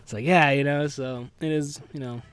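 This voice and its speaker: A man's voice: a little high, fairly even intonation, moderate pace, fairly bright tone, smooth, dry recording. A man hosting a podcast alone, rambling casually and subdued with grief, cursing often and saying "dude". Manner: rambling, profane, peppers talk with "dude" and "like"; subdued and grieving. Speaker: podcast host. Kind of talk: casual solo podcast monologue. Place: at home with farm animals nearby.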